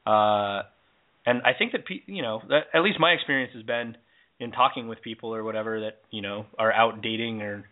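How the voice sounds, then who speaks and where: A man's voice: on the low side, brisk. Man rambling over a phone line. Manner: rambling, hedging with "you know" and "like". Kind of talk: casual radio chat. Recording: tinny phone-line sound.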